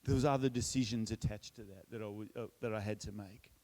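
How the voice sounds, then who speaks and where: A middle-aged Australian man speaking at church, telling a personal testimony in a relaxed storytelling way, with self-deprecating humor and frequent restarts. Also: lowish voice, quick pace.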